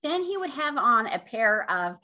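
A woman co-hosting a podcast, telling family stories in a casual chat, lively and quick to laugh and prompt her sister. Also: fairly high pitch. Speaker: podcast co-host.

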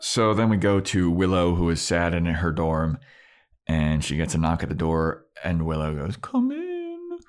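A man co-hosting a podcast, recapping in a casual, animated storytelling way and swearing freely. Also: low voice, moderate pace. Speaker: podcast co-host.

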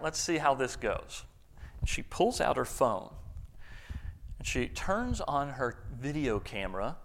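A man's voice: mid-range voice, vocal fry, a bit bright. A man preaching a sermon, telling a story earnestly with small restarts.

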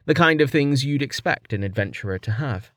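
A man reading a fantasy novel aloud as audiobook narrator, in lively storytelling narration. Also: medium pitch, a little fast, dry recording, clean studio sound. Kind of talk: scripted narration.

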